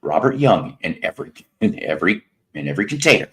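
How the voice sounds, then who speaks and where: A man's voice: on the low side, big pitch swings, fast, pushed and bright. A man in his fifties with a Mid-South American accent, hosting a casual livestream, rambling and sardonic, greeting chat viewers by name. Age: 50s. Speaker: livestream host.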